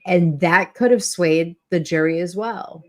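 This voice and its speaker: Deep-voiced female host, blunt and profane, running the chat. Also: a little slow. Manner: blunt, profane, asks questions. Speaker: livestream host. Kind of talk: casual chat.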